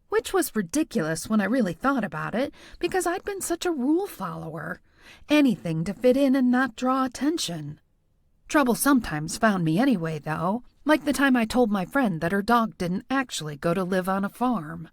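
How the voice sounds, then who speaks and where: Lively, wry female audiobook narrator. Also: mid-range voice, normal speed, no echo, studio quality. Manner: wry, self-deprecating storytelling. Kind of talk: first-person audiobook narration.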